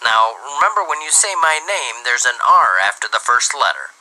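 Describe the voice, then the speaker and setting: A man reading dirty jokes aloud as an animated storyteller who starts many lines with "well". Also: medium pitch, moderate pace, poor audio.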